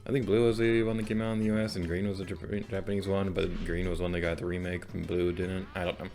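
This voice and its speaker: A man's voice: low voice, level tone, quick pace, soft background music. A young man hosting a let's play, rambling casually and self-deprecatingly about the game as he plays. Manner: chatty, rambling, self-deprecating, sudden loud outbursts. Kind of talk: casual gameplay commentary.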